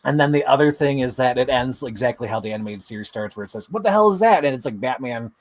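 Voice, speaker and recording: In casual podcast chat, this co-host rambles eagerly about shows and leans heavily on filler words. He speaks fast in a medium pitch with fairly even intonation, and there's no echo.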